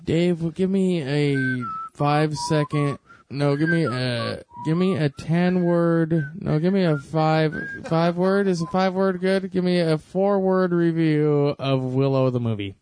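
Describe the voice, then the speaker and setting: A man's voice: on the high side, slow, few pauses, darkish tone, a little hiss or hum. A man hosting a casual comedy podcast, quizzing his guests in an upbeat way. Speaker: podcast host.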